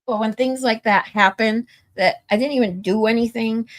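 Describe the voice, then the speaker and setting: Woman streamer, casual chat, slightly high voice, swears, gets louder when irritated. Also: normal speed. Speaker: livestream host.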